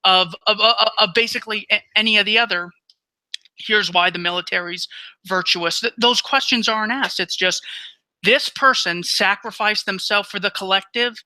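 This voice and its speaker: A man's voice: high-pitched, moderate pace, pushed and bright, no echo, low-quality recording. A man hosting a casual political discussion who often stammers and repeats words as he starts his sentences. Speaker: podcast host.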